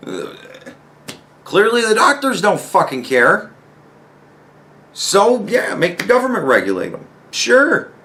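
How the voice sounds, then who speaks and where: Exasperated, lively-pitched man ranting. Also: slow pace, long pauses. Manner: exasperated, profane, rhetorical questions. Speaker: commentary host. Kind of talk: ranting personal commentary.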